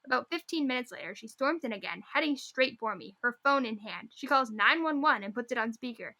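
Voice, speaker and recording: Bright-voiced woman podcast co-host. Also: on the high side, lively intonation, brisk, hardly any pauses. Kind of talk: casual chat, reading stories aloud.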